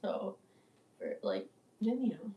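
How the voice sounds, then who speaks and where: Croaky rambling woman in her sixties. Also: huge pitch swings, slow, lo-fi sound. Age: 60s. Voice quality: croaky, deeper than usual. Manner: meandering, filler-heavy, swears casually. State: congested, clogged up. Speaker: musician and vlogger. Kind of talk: rambling casual monologue. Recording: roomy echo, distant from mic.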